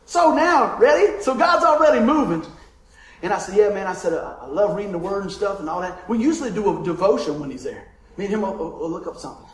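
High-voiced man preaching in an echoey room. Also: fast talker. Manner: lively storytelling, calls for amens. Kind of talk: sermon. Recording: roomy echo.

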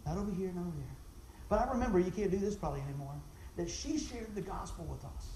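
A man giving an animated, folksy testimony for a ministry, repeating himself and exclaiming as he tells the story. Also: quick pace, reverberant, slight background noise, low-quality recording. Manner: voice jumps high when excited, exclaims.

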